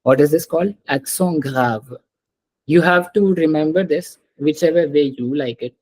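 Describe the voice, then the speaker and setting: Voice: medium pitch, a little fast, a little mellow, poor audio. A teacher giving an online French class over a video call, patiently repeating words and calling on students.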